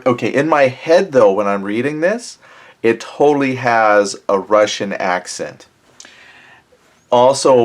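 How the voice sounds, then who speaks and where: Chatty man walking through a board game. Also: lowish voice. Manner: chatty, thinking aloud with many self-corrections. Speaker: board game let's-play host. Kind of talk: casual tabletop game walkthrough.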